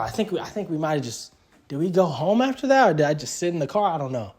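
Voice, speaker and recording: A young adult man with a notably high-pitched voice tells a personal story in a loose, casual way. He rambles, circling back with constant fillers and restarts. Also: sing-song, fast, a little mellow. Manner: rambling, full of fillers like "like" and "literally".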